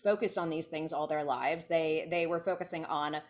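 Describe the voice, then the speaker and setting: A woman's voice: low voice, fairly even intonation, moderate pace, a little mellow. Chatty woman who keeps restarting her sentences. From California. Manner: chatty, self-interrupting, many restarts. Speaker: podcast guest. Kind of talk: casual conversation.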